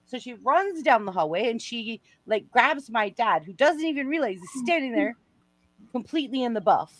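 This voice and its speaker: A woman's voice: fairly high pitch, normal speed, no room sound. A woman telling a personal story on a casual livestream, acting out the voices and shrieking and laughing at the big moments. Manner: animated, acts out voices, shrieks and laughs while telling stories.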